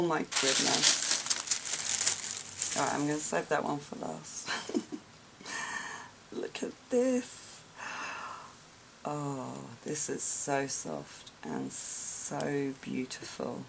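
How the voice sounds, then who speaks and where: A low-voiced woman with a gravelly edge speaks slowly and softly in a casual vlog, gasping and gushing as she opens gifts. Paper crinkles, and noticeable noise sits behind her voice. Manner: soft, slow and gushing, many gasps and sighs. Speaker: craft vlogger opening gifts.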